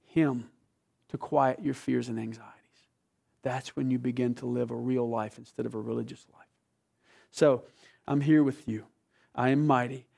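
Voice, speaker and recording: A man preaching a sermon as pastor, swinging from loud emphatic bursts to slow, hushed, intimate reading of scripture. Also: medium pitch, vocal fry.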